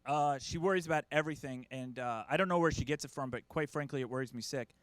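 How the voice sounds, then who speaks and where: A middle-aged American man performs stand-up comedy at a quick clip, his voice medium in pitch and recorded without echo. He's animated, acting out his family members in quoted voices.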